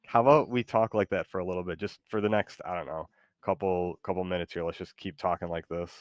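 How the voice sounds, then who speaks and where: Man hosting a stream, lowish voice, halting and giggly, dry close sound. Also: steady tone, dry recording, dull audio. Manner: hesitant, giggly, lots of ums. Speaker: streamer host. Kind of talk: casual chat.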